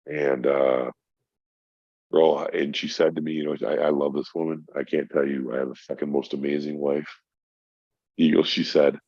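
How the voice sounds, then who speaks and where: Very deep-voiced middle-aged man, swearing freely. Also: flat delivery, normal speed, darkish tone, dry recording. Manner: profane, emphatic, addresses host as bro. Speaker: podcast guest. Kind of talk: casual storytelling chat. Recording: dry, dull lo-fi sound.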